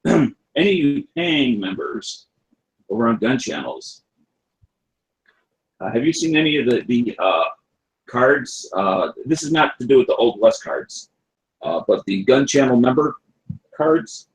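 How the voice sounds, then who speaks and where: A man's voice: mid-range voice, lively intonation, a little slow, pauses often. A man speaking hesitantly in a casual online chat, filling gaps with "uh". His voice sounds roomy and echoey, with faint noise in the background. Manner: hesitant, many "uh"s.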